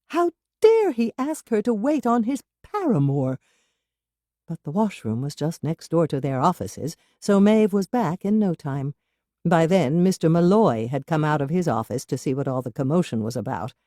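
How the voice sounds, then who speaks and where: A woman narrating an audiobook with expressive, measured storytelling. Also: low-pitched, no room sound, clean studio sound.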